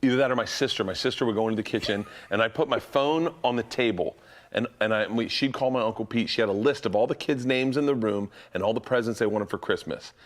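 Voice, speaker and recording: A man hosting a podcast, telling stories in a casual, animated way and laughing often. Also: medium pitch, fast talker. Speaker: podcast host. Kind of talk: casual chat.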